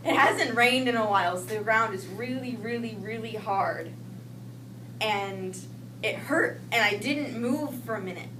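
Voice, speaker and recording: Young woman telling a story from when she was a kid, animated, echoey room, some noise, bit far from the mic. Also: a little high, unhurried. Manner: animated, acts out quoted voices. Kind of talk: personal storytelling.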